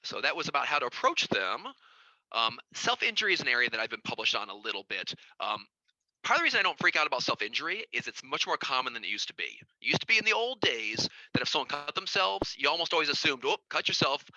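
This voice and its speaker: Animated fast-talking male lecturer. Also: dry recording, rough recording. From United States. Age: middle-aged. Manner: conversational, acts out quoted voices with big pitch jumps. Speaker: child psychiatrist lecturing. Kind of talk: informal lecture.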